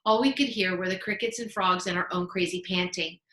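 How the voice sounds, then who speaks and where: Woman reading a kids' novel aloud, expressive, lowish bright voice, roomy echo. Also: a little fast. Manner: expressive storytelling.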